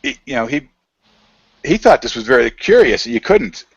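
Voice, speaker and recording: A man's voice: medium pitch, very animated, moderate pace, creaky, husky, no echo, lo-fi sound. Rambling man telling a story on a dry video call. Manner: rambling, anecdotal, many fillers and quoted dialogue. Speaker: interview guest.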